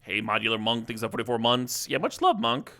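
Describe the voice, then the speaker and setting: A man's voice: mid-range voice, big pitch swings, fairly quick, sharp tone. A man streaming a card-game draft, chatting casually and telling rambling, joking stories to his viewers. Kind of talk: casual live-stream commentary.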